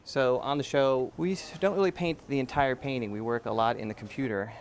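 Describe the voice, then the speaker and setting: A man supervising background painters in a behind-the-scenes interview, explaining calmly and instructively with lots of pauses. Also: mid-range voice, a little hiss or hum. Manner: relaxed, instructive, frequent uh fillers.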